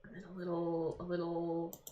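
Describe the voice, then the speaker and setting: A woman's voice: lowish voice, completely flat delivery, moderate pace, dull audio, background noise. A young woman streaming, musing aloud to herself in half-mumbled, trailing thoughts as she builds. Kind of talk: casual live-stream self-talk while building.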